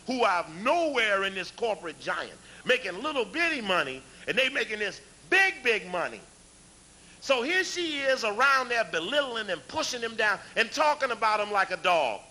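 Fiery high-pitched man lecturing a crowd. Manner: preacherly, call-and-response, raises voice to shout.

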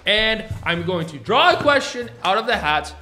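A man's voice: high-pitched, sing-song, normal speed, reverberant, over music. A man co-hosting a couple's vlog, chatting casually in a playful, jokey, teasing way. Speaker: co-host of a couple's channel.

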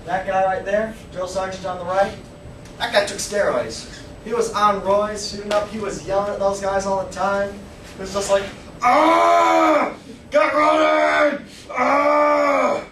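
A young man tells a story in an animated, conversational way. His voice is fairly high, and he points out people in photos as he goes. The mic is far off in a reverberant room with steady noise behind. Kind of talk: casual spoken storytelling with pictures. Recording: echoey room, distant mic, noisy.

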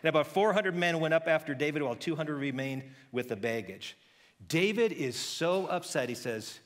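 Animated, higher-voiced male pastor preaching. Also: normal speed, in a large hall. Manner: animated storytelling, acting out voices of characters; conversational with frequent restarts. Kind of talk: sermon.

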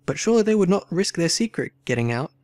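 A man's voice: sits high, very animated, fast, a little mellow, no echo, voice pushed up. A man reading a story game aloud and voicing a proper young male valet who speaks formally and suspiciously. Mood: wary.

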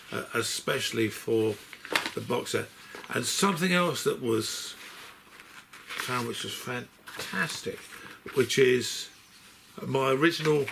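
A man's voice: medium pitch, creaky, fairly bright tone, a little hiss or hum. An older man chatting through his box set, telling long stories with many restarts and self-corrections. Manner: rambling storyteller, stops and restarts sentences. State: unwell. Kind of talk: anecdotal unboxing chat.

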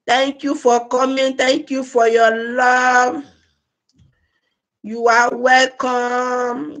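A woman's voice: high-pitched, fairly bright tone. A woman hosting a casual live stream, chatty and laughing often as she greets viewers by name. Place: home in Germany.

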